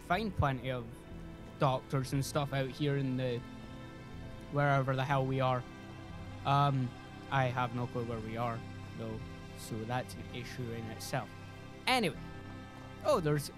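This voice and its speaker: A man hosting a let's play, commenting casually and joking with his viewers. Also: fairly high pitch. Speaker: gaming channel host.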